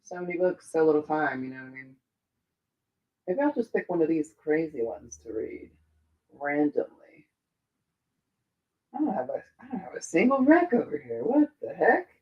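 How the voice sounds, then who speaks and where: A woman's voice: low-pitched, sing-song, normal speed, long pauses, dull audio. A woman hosting a casual livestream, rambling and thinking aloud with lots of fillers as she answers viewers. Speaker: livestream host reading viewer comments.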